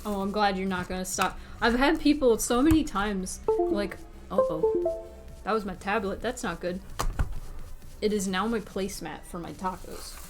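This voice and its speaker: A woman streamer in casual livestream chat, chatty and excitable, talking while eating. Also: medium pitch, normal speed. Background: faint background music.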